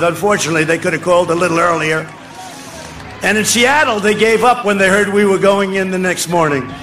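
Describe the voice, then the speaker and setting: An older man giving a boastful, rambling campaign rally speech outdoors, ad-libbing to the crowd and often shouting. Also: high voice. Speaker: political speaker at a rally. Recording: speech over a faint crowd and noisy ambience.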